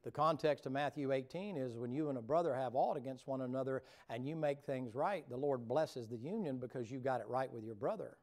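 A man's voice: medium pitch, a little fast, hardly any pauses, darkish tone. A man preaching a revival sermon in a folksy, colloquial storytelling manner, talking directly to the congregation. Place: church sanctuary.

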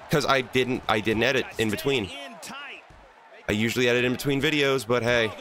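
A man's voice: medium pitch, fairly quick, a bit bright, slight background noise. A man hosting a gaming channel, angrily venting and swearing as he plays through a fighting game. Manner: exasperated, profane venting. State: angry. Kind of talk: let's play commentary.

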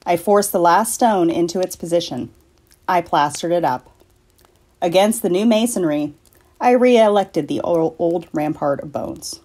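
A woman from a library reading a classic story aloud in a measured, deliberate way. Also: fairly low pitch, warm tone. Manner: measured, deliberate, slowing for effect. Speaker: library staff reader.

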